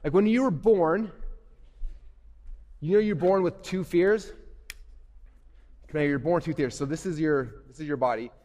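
A middle-aged man giving an animated stage talk to kids, asking the audience questions and acting out inner voices. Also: on the high side, normal speed, long pauses. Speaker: speaker at a youth event. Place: large hall on stage. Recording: long hall reverb.

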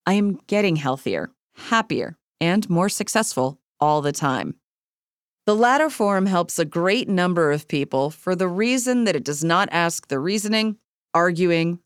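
Lively, low-voiced woman reading a self-help book. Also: no echo, studio quality. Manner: measured, earnest reading with calm, deliberate repetitions. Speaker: audiobook reader. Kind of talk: scripted audiobook narration of a self-help text.

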